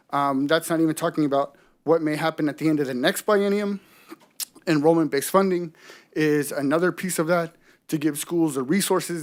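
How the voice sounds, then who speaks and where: A man testifying as a policy advocate at a legislative hearing, polite, with many fillers. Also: on the high side. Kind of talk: public testimony.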